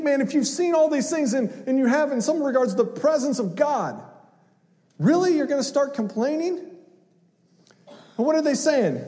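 A man preaching a sermon, animated and conversational, acting out voices with humor. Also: very high voice, long reverb tail. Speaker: pastor.

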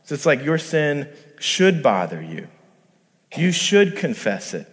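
A man's voice: on the high side, very animated, slow. A male pastor giving a conversational sermon, acting out quoted voices and rising to emphatic peaks. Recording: long hall reverb.

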